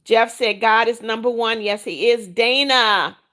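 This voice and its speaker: A middle-aged woman hosting a livestream, reading viewers' comments aloud, greeting them warmly and turning firm when she lays down her rules. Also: a little high, a little slow. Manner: warm, religious greetings to viewers. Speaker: livestream host. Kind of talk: reading out live chat comments.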